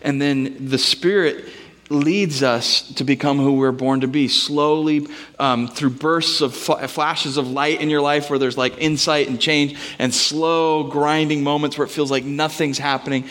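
A man's voice: fairly high pitch, fairly even intonation, unhurried, a bit bright. A man, a pastor, preaching a sermon in a casual, conversational way, mixing scripture with personal stories.

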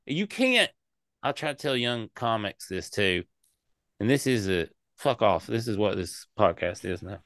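With a fairly low voice and an unhurried pace, a man co-hosts a podcast, rambling in casual chat about comedy shows, animated and swearing heavily. The audio is studio quality with no echo.

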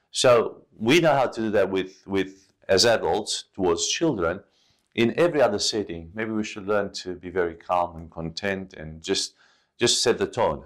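Man, middle-aged, podcast host, low voice, earnest, coaching, repeats himself. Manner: earnest, repeats and restarts phrases, gentle coaching tone. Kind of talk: instructive monologue.

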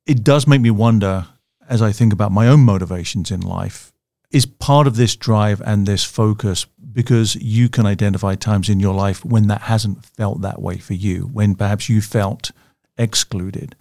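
Low-voiced male interviewer. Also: normal speed, a little mellow, no echo, studio quality. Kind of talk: thoughtful interview questions.

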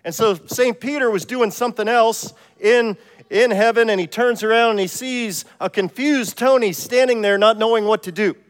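A man from Ohio preaches in a casual, self-deprecating way, telling stories as he goes. His voice sits high for a man, and the long reverb of a church sanctuary trails after each phrase. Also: normal speed. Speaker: pastor. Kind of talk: sermon.

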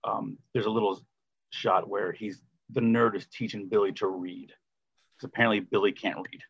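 Male co-host, sarcastic movie chat, husky voice, dull lo-fi recording. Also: lowish voice, steady tone, normal speed, fairly bright tone. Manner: sarcastic, acts out quotes. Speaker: podcast co-host. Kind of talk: casual movie review chat.

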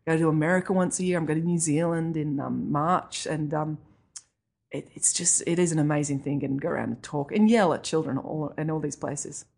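A woman's voice: sits low, a little fast, gravelly, a little mellow. A woman, a children's author and comedy writer, chatting in an interview and laughing often. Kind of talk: interview conversation.

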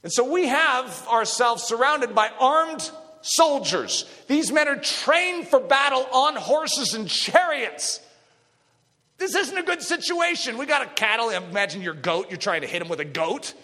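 A middle-aged male preacher with a high, bright voice that leaps and dives across a wide range. He moves from hushed near-whispers to full shouts. The sound carries a long hall reverb. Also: big pitch swings, a little slow. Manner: dramatic, swings between hushed and shouting. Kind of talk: sermon.

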